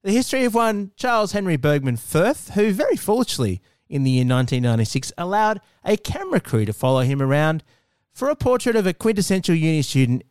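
A man hosting a comedy podcast, trading dry quick quips in casual chat. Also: high voice, big pitch swings, a little mellow, smooth, no echo. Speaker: podcast host.

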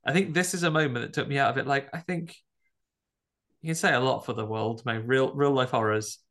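Gravelly man in casual chat. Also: fairly quick. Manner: animated, jokey, rising to high outbursts. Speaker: podcast co-host.

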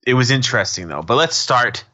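A man's voice: mid-range voice, lively intonation, brisk, pushed and bright, highs cut off. A man co-hosting a podcast, recapping a TV episode in casual, rambling chat that drifts into asides. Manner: rambling, digressive, laughs often. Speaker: podcast co-host.

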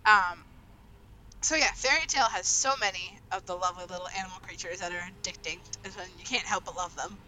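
A young woman hosting a casual group chat over an online call. She talks in an excitable, rambling way and laughs often. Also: lowish voice, fairly quick, rough recording.

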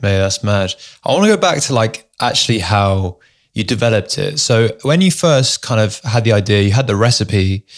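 Low-voiced casual male podcast host. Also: normal speed. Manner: chatty, relaxed, says "mate" and "actually" a lot.

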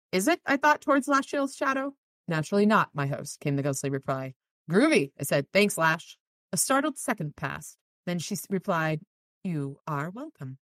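On her podcast, a woman gives a casual recap of a novel, voicing quoted passages lightly and slipping in chatty asides. Her pitch sits in the middle but swings widely, her tone is fairly bright, and she talks at a normal speed in a recording with no echo.

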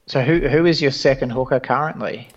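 A man's voice: mid-range voice, fairly quick. Man, cheeky co-host banter, dull lo-fi audio. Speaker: podcast co-host. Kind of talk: casual sports fantasy chat.

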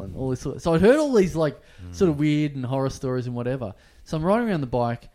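A man's voice: medium pitch, lively intonation, quick pace, few pauses, warm tone. A man, co-hosting a podcast and telling a rambling anecdote in casual chat, acting out bits of dialogue. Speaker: podcast co-host.

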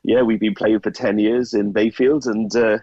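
A Welsh man with a deep, slightly husky voice talks as a radio guest. He explains things in an easy, chatty way, now and then stumbling over a repeated word. The sound is dry and a little dull. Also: level tone, normal speed, mellow, no room sound. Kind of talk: casual radio phone chat.

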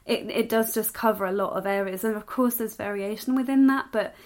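A woman's voice: medium pitch, fairly quick. A woman with an English accent co-hosting a podcast, in a friendly, quizzing chat. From England. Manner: friendly, quizzing, laughs easily. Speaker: podcast co-host. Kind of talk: casual chat.

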